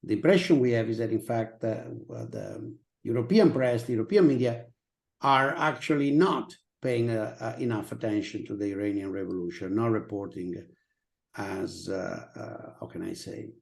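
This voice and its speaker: A middle-aged man interviews a guest over a video call. His voice is fairly low and gravelly, with a touch of fry. He speaks haltingly, circling back with plenty of fillers. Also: lively intonation, a little mellow. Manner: halting, many fillers and restarts. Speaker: interviewer and channel host.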